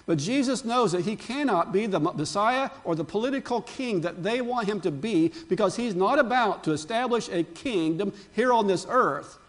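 An older man, a pastor, giving a Palm Sunday sermon, with animated preaching and chatty asides to his congregation. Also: high-pitched, normal speed, hardly any pauses.

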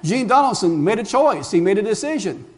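A man with a notably high voice delivers a sermon as a pastor. He preaches with emphasis, throws rhetorical questions at his listeners and calls them friends. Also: big pitch swings, a little fast.

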